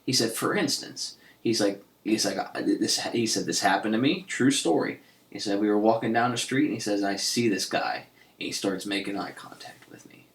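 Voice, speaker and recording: A man's voice: lowish voice, normal speed. A man co-hosting a casual podcast chat, rambling with lots of "you know" and "he's like". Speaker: podcast co-host. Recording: echoey room.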